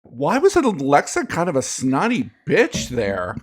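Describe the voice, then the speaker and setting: A man co-hosting a podcast in casual chat, joking and quick to laugh. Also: fairly high pitch. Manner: animated, jokey, quick to laugh. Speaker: podcast co-host.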